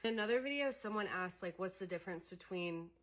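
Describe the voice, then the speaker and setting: A woman's voice: on the low side, animated, fast, a bit bright. A young adult woman coaching on emotions in a candid, conversational way, with many fillers. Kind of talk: casual teaching monologue.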